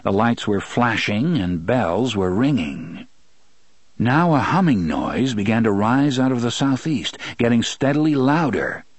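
A man reading a novel aloud in steady, measured storytelling narration. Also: mid-range voice, husky, dry recording. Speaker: audiobook narrator. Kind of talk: scripted narration.

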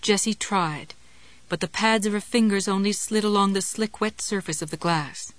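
A female audiobook narrator with a mid-pitched voice and measured, even storytelling delivery. The recording is close and completely dry, with no room echo. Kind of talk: scripted narration.

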